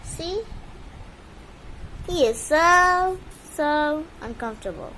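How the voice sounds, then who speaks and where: A woman's voice: high voice, animated, slow, pushed and bright, slight background noise, low-quality recording. A woman filming her pet bird at home on a handheld phone, cooing at it and scolding it in baby talk. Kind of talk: casual phone vlog talking to a pet. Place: indoors at home with a fan on.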